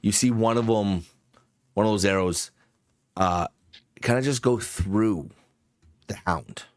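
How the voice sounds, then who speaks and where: A man narrating as game master of a tabletop game, unhurried and descriptive, with frequent ums. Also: fairly low pitch, dry recording, clean studio sound.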